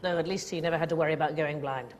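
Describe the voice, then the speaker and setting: A woman's voice: low-pitched, fairly even intonation, rapid-fire. Wry woman hosting a quiz. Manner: dry, wry humour. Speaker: quiz show host. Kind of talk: scripted quiz hosting with jokes. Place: TV studio with audience. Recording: noisy studio with audience laughter.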